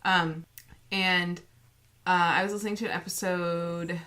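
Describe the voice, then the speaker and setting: A woman with a low, bright and forceful voice, chatting casually as a podcast co-host. She rambles through her stories with plenty of fillers and restarts. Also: steady tone, measured pace. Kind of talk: casual chat.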